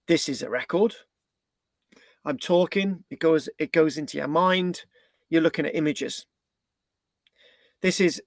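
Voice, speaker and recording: A man's voice: on the high side, a bit bright, no echo. A man from Britain giving a live online history talk, rambling, restarting his sentences and checking in with the listener through tag questions. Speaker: history presenter.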